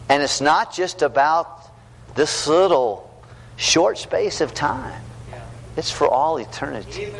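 A middle-aged man preaching a sermon to young people, earnest and storytelling, swinging from loud to hushed. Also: fairly high pitch, animated, slow. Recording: long hall reverb, faint background noise.

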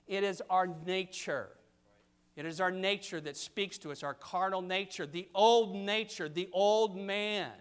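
An older man preaching a sermon, reading scripture and pressing his points with sudden loud stresses. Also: high voice, smooth. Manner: emphatic, pulpit cadence with sudden loud stresses.

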